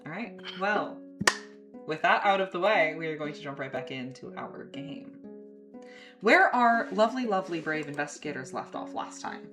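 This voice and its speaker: Brief: woman game master, low voice, unhurried recaps, music playing behind. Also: lively intonation. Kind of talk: narrating a tabletop horror game.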